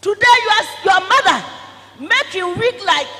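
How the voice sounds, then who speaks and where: A very high, bright, piercing voice from a man playing a wailing, indignant mother Mary with a Ghanaian accent, scolding in loud melodramatic pidgin. It rings out over a reverberant live stage with faint crowd noise behind. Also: animated, moderate pace, full character voice. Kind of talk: live stage comedy skit.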